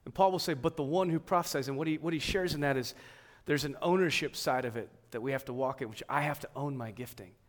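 A man preaching a sermon, swinging between emphatic, raised passages and quiet, hushed ones. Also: medium pitch, quick pace, few pauses. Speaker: pastor.

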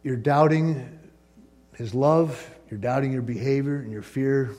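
A man preaching a sermon as pastor, animated, acting out the voices of doubting listeners. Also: mid-range voice, moderate pace.

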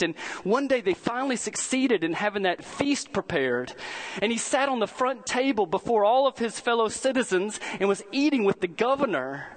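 A man preaching a sermon as a pastor, telling stories earnestly and slowing down to stress key words. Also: sits high, rough recording. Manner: earnest storytelling with slowed emphasis.

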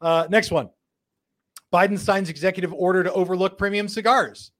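A man hosting a live show, reading viewer comments one after another and riffing on each with jokes. His voice sits a bit high for a man, and he laughs often. He drops into quick put-on voices when he quotes someone. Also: steady tone, fairly bright tone. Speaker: host.

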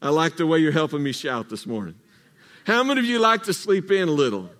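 High-voiced man preaching call-and-response. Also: sing-song, fairly bright tone. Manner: call-and-response preaching, drawn-out emphatic phrases. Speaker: pastor. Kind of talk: sermon. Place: church sanctuary.

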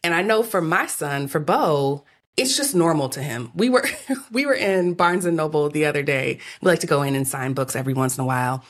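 A woman co-hosting a casual podcast with a very low voice. She laughs often and talks in a relaxed way. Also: fairly quick. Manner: giggly, relaxed. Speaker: podcast co-host. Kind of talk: casual interview chat.

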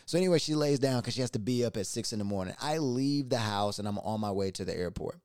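A man hosting a podcast, lively as he retells a personal story and repeating words when excited. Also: medium pitch, quick pace, smooth, dry recording, studio quality. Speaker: podcast host.

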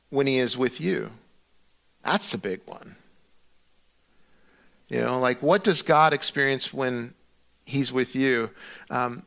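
A man's voice: mid-range voice, gravelly, pushed and bright. A middle-aged male pastor preaching in a conversational way, acting out his own prayers to God with many restarts and fillers. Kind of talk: sermon.

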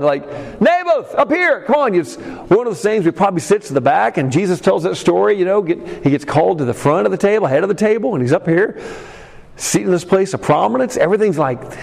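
A man preaching a sermon as a pastor, telling a personal story with many fillers and some shouted peaks. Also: high voice, vocal fry. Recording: long hall reverb.

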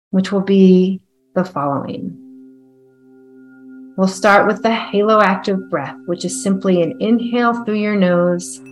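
A woman leads a guided breathwork meditation, talking in a calm, soft and unhurried way. Her voice sits at an ordinary middle pitch. Faint music with a singing bowl plays underneath.

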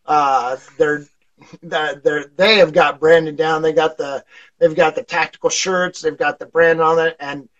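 A man's voice: on the high side, steady tone, a little slow, fairly bright tone, lo-fi sound. A man being interviewed on a casual podcast, telling stories in a rambling way with lots of fillers and chuckles. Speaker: podcast guest, fire instructor.

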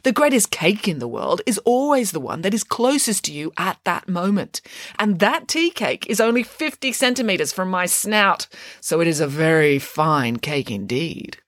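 A woman's voice: fairly low pitch, big pitch swings, moderate pace, no room sound, studio quality. A woman voicing a self-important, cake-loving female pig nanny in a storybook, talking theatrically with dramatic sighs. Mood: boastful. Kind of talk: storybook character voice.

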